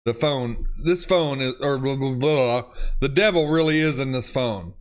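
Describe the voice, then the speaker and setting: A man's voice: medium pitch, animated, moderate pace, faint music behind. A man reading funny text messages aloud and reacting, laughing often and swearing. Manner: laughs often, reads lines with swearing and exclamations. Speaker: YouTuber reading autocorrect fails.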